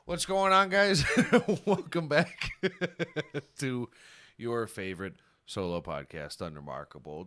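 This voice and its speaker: A middle-aged man hosting a comedic solo podcast, rowdy and jokey, swinging between shouting and mumbling. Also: mid-range voice, takes it slowly. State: out of breath. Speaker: podcast host.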